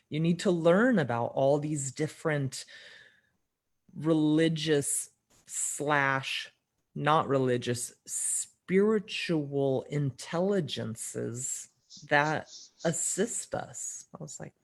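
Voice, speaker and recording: A woman's voice: low voice, animated, takes it slowly, slightly rough. A middle-aged woman, a podcast guest, telling a personal story in conversation. She acts out the dialogue, often shifting her voice for the quotes, and laughs now and then.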